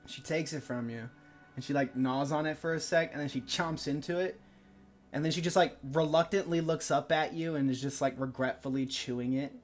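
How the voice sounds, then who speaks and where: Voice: medium pitch, a little fast. Casual game master narrating, filler-heavy, some music behind.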